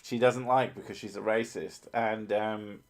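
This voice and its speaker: A man's voice: fairly low pitch, fairly even intonation, measured pace. A man hosting a casual livestream, reading out chat and joking with a lot of swearing. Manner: profane, joking, easily sidetracked.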